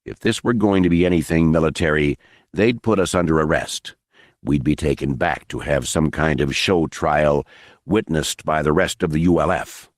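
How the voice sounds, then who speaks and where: A man's voice: rumbling low, moderate pace, dry recording, clean studio sound, pitched below the performer's own voice. Man doing a cool, stern warrior general. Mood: stern calm. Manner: clipped, controlled, cool. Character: calm stern commanding male warrior general.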